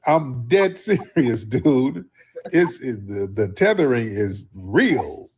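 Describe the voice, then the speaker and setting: Guy hosting a livestream, husky voice, swings his pitch all over, cussing and drawling. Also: slow pace. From Houston, Texas. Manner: animated, drawling, profane banter. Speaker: livestream host. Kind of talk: casual livestream chat.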